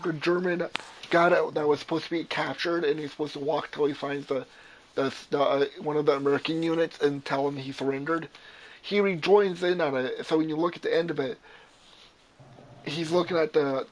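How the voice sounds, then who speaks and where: A man's voice: a little high, a little hiss or hum, rough recording. A young man in casual chat, rambling and swearing, retelling movie scenes and acting out the lines. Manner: rambling, profane, restarts a lot, acts out quotes. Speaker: gamer chatting while playing.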